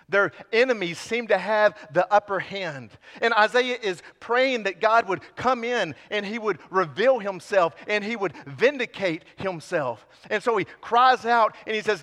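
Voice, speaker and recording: A man's voice: sits high, fairly bright tone. A man preaching a sermon as pastor, fervent and pleading, his intensity building as he speaks. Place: church sanctuary. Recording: long hall reverb.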